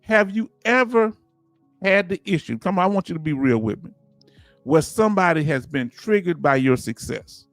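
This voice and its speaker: A Southern man hosts a casual livestream, his voice sitting a little high for a man. He talks in an animated, preachy way and keeps firing rhetorical questions at the chat. The sound is dry and close, with faint music under it. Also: moderate pace, no room sound. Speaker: livestream host.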